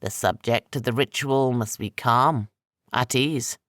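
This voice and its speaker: A man voicing an ancient, menacing sorcerer with slow, heavy, rasping speech for an audiobook. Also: mid-range voice, fairly bright tone, dry recording, studio quality, close to an everyday voice.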